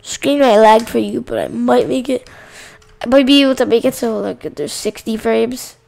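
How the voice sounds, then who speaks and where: A woman hosting a gaming channel, giving casual let's-play commentary, chatting to her viewers and yelling at game characters. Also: fairly high pitch, moderate pace, creaky.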